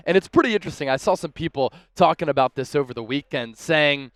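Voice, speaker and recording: An upbeat young man hosts a sports news show with keen fan excitement. His voice sits a touch high for a man. The sound is dry and close, with hardly any room. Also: a little fast, hardly any pauses, clean tone, dry recording. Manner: upbeat, enthusiastic fan talk. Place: on location at a big sports event.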